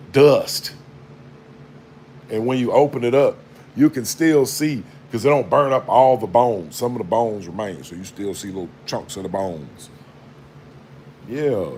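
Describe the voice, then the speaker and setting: A man giving a blunt, profane, preachy spiritual monologue to a low-held phone camera. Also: darkish tone, slight background noise. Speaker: vlogger.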